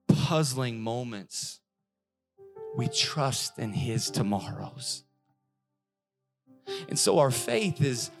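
Animated male pastor preaching over soft music. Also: medium pitch. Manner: animated, acts out voices of God and worshippers. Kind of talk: sermon.

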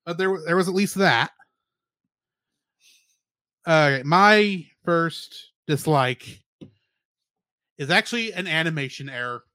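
Male co-host, bright high voice, detailed explainer, dry sound. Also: expressive, takes it slowly, pauses often, no echo. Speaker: podcast co-host. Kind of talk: casual movie review chat.

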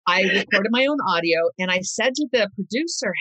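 Expressive woman author reading aloud. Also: mid-range voice, no echo. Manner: expressive, slows down and speeds up for emphasis. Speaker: author and guest. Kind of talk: interview chat and reading from her own book.

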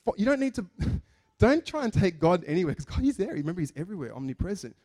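A man's voice: sits high, quick pace. A man preaching a sermon in a chatty, joking way, acting out the people in his stories. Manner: animated, chatty, jokes and acts out quotes. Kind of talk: sermon with storytelling.

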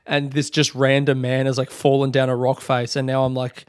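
A man's voice: mid-range voice, monotone, brisk, hardly any pauses, smooth, no room sound. Rambling young Australian man, dry sound. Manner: rambling, self-deprecating, full of "like" fillers. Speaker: podcast host. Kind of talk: casual solo storytelling.

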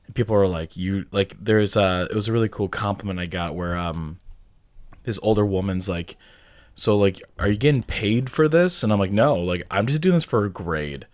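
A man's voice: low voice, brisk, dry recording. A young man in his twenties co-hosting a podcast, talking in a laid-back, slangy way. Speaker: podcast co-host. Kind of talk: casual podcast chat.

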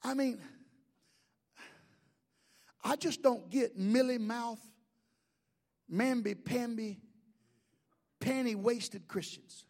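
A man preaching a sermon, a pastor, who swings from shouted declarations to quiet joking asides with folksy humor. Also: very high-pitched, drawn-out words, gravelly, pauses often.

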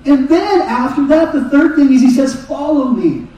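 High voiced guy preaching, heard from far off, lots of hall echo. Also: moderate pace, lo-fi sound. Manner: animated preaching, voices Jesus and Peter in quotes. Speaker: pastor. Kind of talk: sermon. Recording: echoey hall, mic far off.

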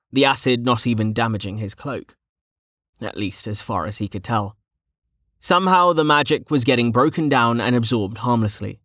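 A man reading a fantasy novel aloud as its narrator, in a steady, measured way on a close mic. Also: medium pitch, dry recording. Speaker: audiobook narrator. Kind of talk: scripted audiobook narration.

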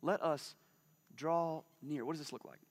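A man in his forties preaching a conversational sermon, lively and animated, sometimes dropping to a soft, hushed voice. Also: on the high side, moderate pace. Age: 40s. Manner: conversational, animated, drops to a soft hush for intimate moments. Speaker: pastor. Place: church.

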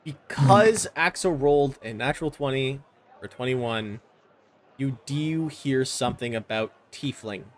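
A man running a tabletop game as game master, describing scenes in a relaxed, descriptive way with filler words. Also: mid-range voice, a little slow, slight background noise. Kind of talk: narrating a tabletop game over a call.

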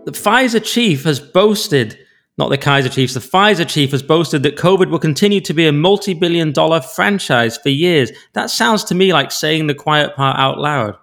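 A man's voice: on the high side, gravelly, fairly bright tone. A man co-hosting a podcast, chatting casually and reacting with restarts. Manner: conversational, with restarts and quick reactions. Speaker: podcast co-host. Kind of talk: casual chat.

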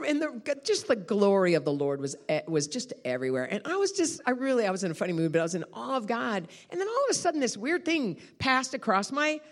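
Woman preacher, animated storytelling voice, highish and very expressive; sermon delivery. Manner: animated storytelling, laughing and shouting. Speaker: guest speaker preacher.

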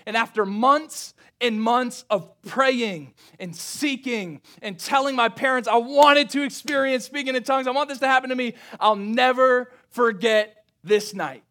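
A young male pastor tells a story from the pulpit in a high, bright, forward voice. He acts out family dialogue with big swings. He drops to hushed intensity for reflective moments. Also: a little slow, hardly any pauses. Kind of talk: sermon storytelling.

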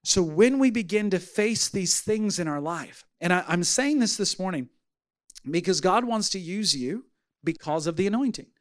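A man preaching a sermon as pastor, telling a story with lively acted-out voices. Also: high-pitched, normal speed. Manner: animated storytelling, acting out voices.

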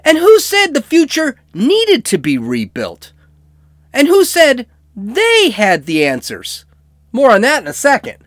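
A man's voice: extremely high pitch, wildly swooping pitch, unhurried, a bit bright, no room sound, clean studio sound. A man hosting a casual political podcast, talking in a sarcastic, ranting way. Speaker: podcast host.

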